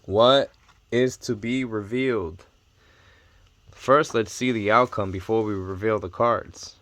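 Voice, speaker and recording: A young man vlogging casually about his card collection, talking in excitable bursts and repeating his amazement. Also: on the low side, slow pace, dry recording. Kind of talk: casual unboxing chat.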